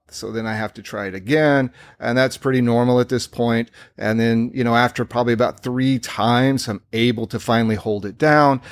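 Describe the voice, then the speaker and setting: A man's voice: medium pitch, no echo. A man hosting his own podcast, telling a candid personal story in an earnest, reflective way. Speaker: podcast host.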